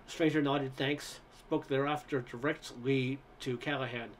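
A man's voice: medium pitch, fairly quick, slight background noise. A man reading a first-person story aloud in a conversational way, with occasional stumbles. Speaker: narrator.

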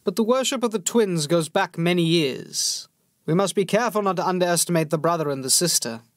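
A calm, calculating nobleman, as an audiobook narrator voices him, slow and deliberate in his words. The voice sits a little higher than the reader's own and softer than the narration, recorded dry and close. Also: no room sound. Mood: measured. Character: cool, measured noble male lord.

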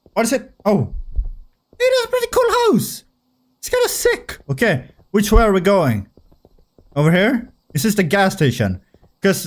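A young man giving casual, jokey commentary while playing a horror game, excitable and swearing freely. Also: sits high. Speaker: gaming video creator. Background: faint game music.

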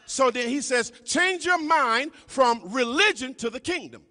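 A man preaching a sermon to a congregation, calling out to them over and over and dropping to low murmurs between emphatic lines. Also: expressive, unhurried, pushed and bright. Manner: calls and responses to the congregation, repetitive "y'all". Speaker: pastor. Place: church sanctuary. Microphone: live stream. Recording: long hall reverb.

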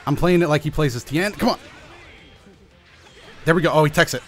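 A young man giving live commentary over his own fighting-game match, anxious and pleading with himself, his pitch jumping up and down. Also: moderate pace, a bit bright. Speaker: gaming channel host. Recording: faint music behind.

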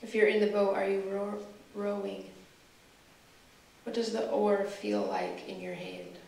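A woman guest speaker leading a guided scripture meditation, asking the listener slow, reflective questions. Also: mid-range voice, sing-song, vocal fry, mellow. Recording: echoey room from far off, faint hiss.

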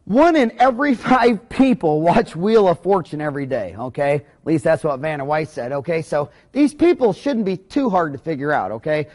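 High-voiced man giving a folksy lecture. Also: lively intonation, moderate pace, few pauses, darkish tone. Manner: rambling, folksy, anecdotal, blunt. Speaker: dentist giving a business lecture. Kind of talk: recorded business lecture.

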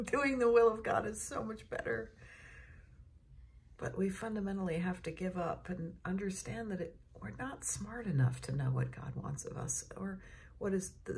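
A middle-aged woman who serves as a cathedral dean gives a morning devotion in a chatty storytelling manner, chuckling often, and closes with a prayer. Her voice is mid-range with vocal fry.

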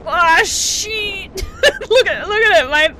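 An excitable woman streams a game live, talking to her chat and laughing often. She swears freely when things go wrong. She has a high, sharp voice and an unhurried pace, with faint game music underneath. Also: slight background noise. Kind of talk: live gameplay commentary.

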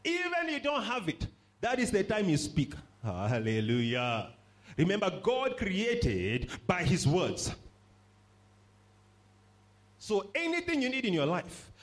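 Lively, higher-voiced male preacher. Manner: emphatic, repeats phrases for stress and calls on the congregation. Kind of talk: sermon.

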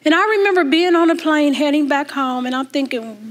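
A woman minister preaching a sermon in a church, telling a story with emphatic rises and hushed passages. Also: high voice, normal speed. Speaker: guest minister. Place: church sanctuary.

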